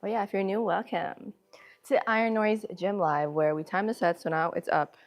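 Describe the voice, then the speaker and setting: Chatting casually with her audience while she exercises, a woman streams her workout in a mid-range voice with a steady tone and normal speed. Between sets she laughs frequently, gasps for breath, and sniffles from a runny nose.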